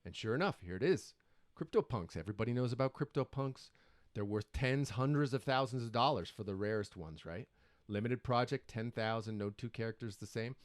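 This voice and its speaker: Animated middle-aged man telling a story. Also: mid-range voice, brisk, dry recording, clean studio sound. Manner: animated, breathless retelling full of quoted exclamations. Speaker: show host. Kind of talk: excited storytelling to camera.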